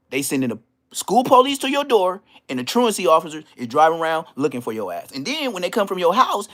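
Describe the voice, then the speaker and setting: A middle-aged man, boasting and taunting his critics in a vlog rant full of street slang. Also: on the high side. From Inglewood, California. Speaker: vlogger. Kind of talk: trash-talking vlog rant.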